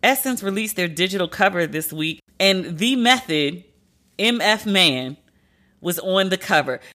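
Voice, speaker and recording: A woman hosting a podcast, giving candid, profane commentary with sharp swings of pitch for emphasis. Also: expressive, measured pace. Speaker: podcast host. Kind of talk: casual commentary monologue.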